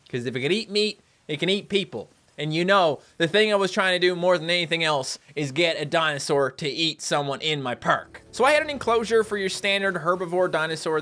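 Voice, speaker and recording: Young male gaming host, jokey commentary, voice leaps high and wide when excited. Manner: excitable, jumps into high-pitched outbursts. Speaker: gaming YouTuber.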